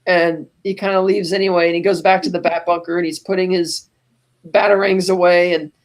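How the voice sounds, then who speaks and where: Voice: medium pitch, flat delivery, brisk. A podcast co-host retelling a movie scene by scene in a casual, rambling way. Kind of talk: casual film recap.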